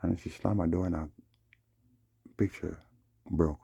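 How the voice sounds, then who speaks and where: A man's voice: sits low, steady tone, a little slow, dark tone, no room sound, dull audio. A man in a rambling, agitated monologue, repeating himself and acting out what other people said to him. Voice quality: husky, gravelly. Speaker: vlogger. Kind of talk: rambling monologue recounting a dispute.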